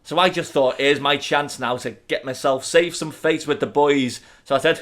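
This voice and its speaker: Animated Liverpool man telling stories. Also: fairly high pitch, normal speed, few pauses. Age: 30s. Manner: animated, laughing storyteller. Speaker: podcast co-host. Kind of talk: casual storytelling chat.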